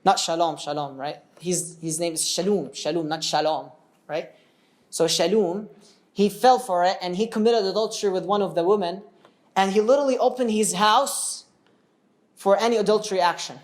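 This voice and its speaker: A man's voice: sits high, normal speed. A man teaching a religious story in a casual, conversational way, often checking in with his listeners and going off on tangents.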